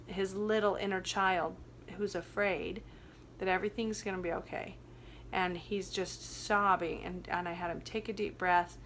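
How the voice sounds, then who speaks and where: A woman facilitator in a casual, earnest chat, telling a story from a youth workshop and softening her voice at tender moments. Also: medium pitch, slight background noise. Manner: earnest, gentle, drops to a hush for tender moments.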